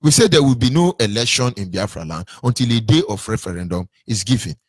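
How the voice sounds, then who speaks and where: Husky, preaching Nigerian man. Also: mid-range voice, animated, fast, no echo, studio quality. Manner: preaching, rhetorical questions, repeats for emphasis. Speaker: movement speaker on a call-in line. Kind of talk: impassioned address to listeners.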